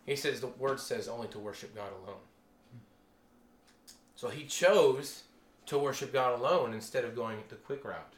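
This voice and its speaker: A man preaching a casual sermon to a small group, animated and chatty, exclaiming as he tells stories. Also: mid-range voice, moderate pace, long pauses, roomy sound.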